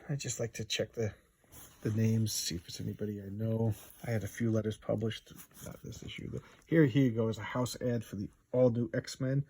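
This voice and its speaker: A man's voice: fairly low pitch, a little mellow, husky. A man in his fifties casually talking through an old comic book page by page, enthusiastic and rambling with asides.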